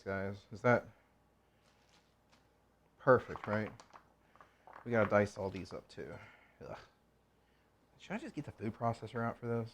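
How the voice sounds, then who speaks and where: A man's voice: on the low side, slight background noise. A man hosting a casual cooking vlog, rambling and joking to himself and viewers as he chops in a home kitchen. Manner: rambling, joking, talks to himself while chopping. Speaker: cooking channel host.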